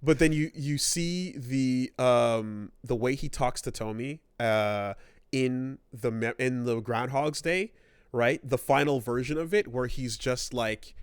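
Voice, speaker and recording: A man co-hosts a gaming podcast, rambling at length, swearing freely, and acting out characters' lines. His mid-range voice moves a little slowly, recorded cleanly in studio quality with no echo.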